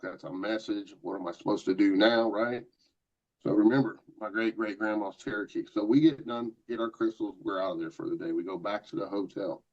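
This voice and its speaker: A middle-aged man, a paranormal investigator, telling a long personal story in a casual, rambling way with lots of quoted asides. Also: on the low side. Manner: rambling, animated anecdotes with many quoted asides. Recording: dull lo-fi podcast audio.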